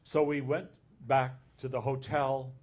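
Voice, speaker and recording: A man who is an abbot, telling an anecdote in a conference talk and recounting the dialogue in an unhurried way. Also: medium pitch, little pitch movement, darkish tone.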